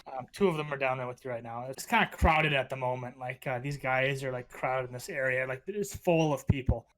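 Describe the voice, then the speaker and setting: A man narrates as game master of a tabletop role-playing session. He talks casually at an ordinary pitch, pausing often and filling gaps with ums and likes. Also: a bit bright. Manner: hesitant, many fillers.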